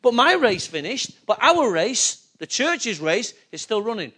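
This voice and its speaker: A pastor preaching to his congregation in a strikingly high voice for a man. He keeps asking his listeners questions and leans hard into his key points, sometimes rising almost to a shout. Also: big pitch swings, a little slow, husky. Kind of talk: sermon.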